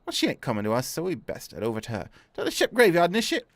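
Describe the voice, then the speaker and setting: A man voicing a superstitious old male sailor in a put-on, half-Cockney, half-Scottish accent, talking in rough, folksy dialect. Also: fairly high pitch, wildly swooping pitch, rapid-fire, slight background noise, pitched above the performer's own voice. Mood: spinning a yarn. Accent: mock Cockney-Scottish put-on. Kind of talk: reading game dialogue aloud. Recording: faint game music behind.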